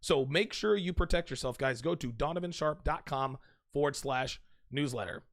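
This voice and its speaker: A man with a somewhat high voice lectures his audience directly as host of his own show. He is emphatic and forceful, and he hammers his points home by saying them twice. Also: normal speed. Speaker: podcast host. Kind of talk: direct-to-camera advice monologue.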